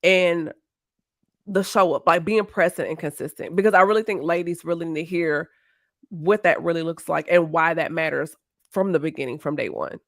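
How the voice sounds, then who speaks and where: Woman podcast host, low and dry. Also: normal speed, a bit bright, no room sound. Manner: reacts emphatically, guides the conversation. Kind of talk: casual interview chat.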